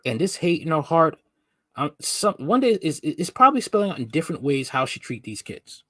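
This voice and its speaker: A man's voice: fairly high pitch, big pitch swings, fairly quick, a bit bright, dry recording, clean studio sound. A man hosting a reaction commentary, talking in an emphatic, lecturing way and repeating his points. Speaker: host.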